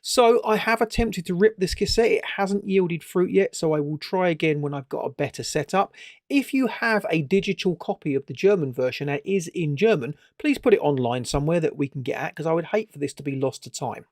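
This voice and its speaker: A man's voice: a little high, expressive, fairly quick, no echo. A man narrating a retro gaming video in a casual, wry, nerdy way.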